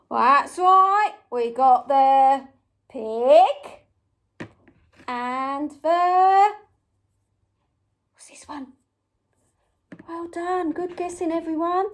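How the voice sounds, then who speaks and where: High-voiced young lady playing a guessing game with little kids, very slow and sing-song, lots of gasps. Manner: sing-song, gasping with surprise, makes animal sounds. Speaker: early years teacher.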